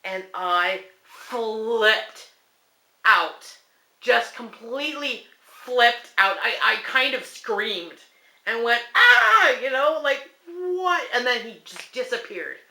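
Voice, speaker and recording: A woman's voice: fairly high pitch, lively intonation, slow, bright, forceful tone, echoey room. A woman in her thirties telling a spooky story from her home in a casual vlog, acting out her own screams and quoted lines. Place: room at home.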